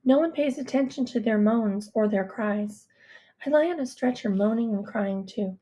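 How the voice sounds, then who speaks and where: A woman reading a first-person story in a hushed, intimate way. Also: on the high side, normal speed. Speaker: audiobook reader.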